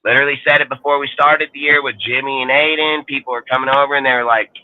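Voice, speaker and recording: A man in his thirties hosts a sports podcast, ranting in a profane, heated and rambling way. His voice is medium-pitched and fast with fairly even intonation, and the recording sounds tinny, like a phone.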